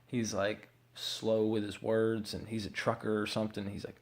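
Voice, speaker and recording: A man's voice: lowish voice, completely flat delivery, normal speed, hardly any pauses. A man candidly telling his own addiction recovery story, rambling and swearing freely as he acts out what people said.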